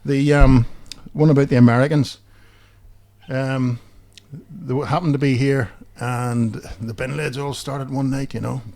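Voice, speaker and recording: A Belfast-accented podcast co-host speaks unhurriedly in a mid-range, creaky, slightly mellow voice with fairly even intonation. In casual chat he spins rambling, funny anecdotes full of fillers and laughs at his own jokes.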